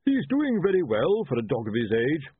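A man reading aloud plays a blustering older chief priest, pitched well above his own voice and blurting his words out. The voice is husky and comes through a thin, phone-like line. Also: moderate pace, no room sound, heavily acted. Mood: flustered. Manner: excitable, blurting.

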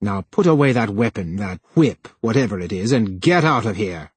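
A male narrator voicing a plump, scheming male official who sneers and then pleads in a higher voice. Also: lively intonation, normal speed, husky, no room sound. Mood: scornful.

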